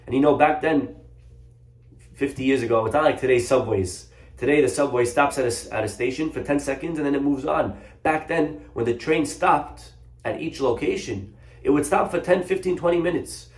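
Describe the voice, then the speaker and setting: A man, a rabbi, telling a story in a Torah lesson, animated and acting out the characters. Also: mid-range voice, moderate pace. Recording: echoey room.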